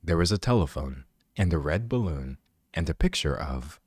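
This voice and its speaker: A man reading a bedtime story aloud in a soft, hushed, low audiobook narrator voice. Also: animated, moderate pace, breathy edge, no echo, studio quality, full character voice. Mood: soothing.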